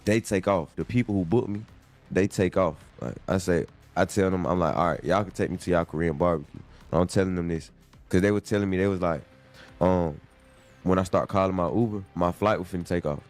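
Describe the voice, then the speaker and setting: Deep gravelly man telling a slangy story. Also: a little fast, faint music behind. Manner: animated slangy storytelling with voiced quotes. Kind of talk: casual storytelling.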